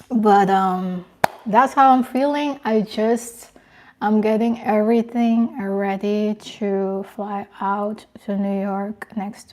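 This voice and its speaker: A young woman hosting a casual live stream, reading viewers' comments aloud and talking in a soft, emotional, halting way with many restarts. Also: mid-range voice.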